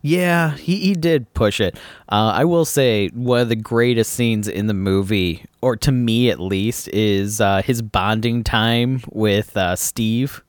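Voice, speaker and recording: A man co-hosting a casual movie review podcast, relaxed and chatty. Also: lowish voice, slow, dry recording, studio quality. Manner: relaxed, chatty, with frequent "uh" fillers. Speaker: podcast co-host.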